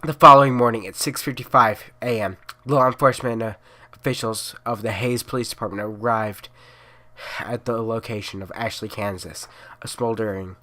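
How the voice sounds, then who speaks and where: A man's voice: mid-range voice, a little fast, bright, forceful tone. Man narrating a horror story. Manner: reads speaker tags and sound cues aloud, plain delivery.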